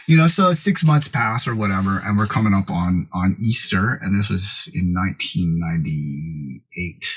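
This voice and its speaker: A man's voice: deep voice, lively intonation, moderate pace, a bit bright, a little hiss or hum, low-quality recording. A man in his late thirties telling a rambling, profane story as a podcast guest, full of "like.". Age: late 30s. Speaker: podcast guest, music producer and DJ. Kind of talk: casual storytelling chat.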